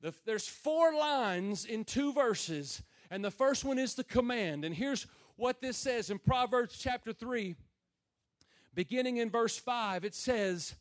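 A man preaching a sermon, dropping low and slow, then building to loud, shouted emphasis. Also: animated. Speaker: pastor.

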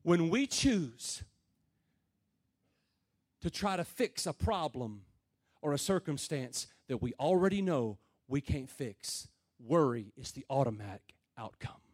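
A man preaching a sermon to a room of men, plain and folksy, rising to loud calls and dropping to low murmurs. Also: very animated, takes it slowly, breathy edge. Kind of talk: sermon to a men's gathering.

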